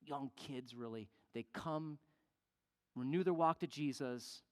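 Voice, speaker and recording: A pastor preaching a sermon as an animated storyteller who acts out the people in the story. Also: medium pitch, measured pace. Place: church sanctuary. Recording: long church reverb.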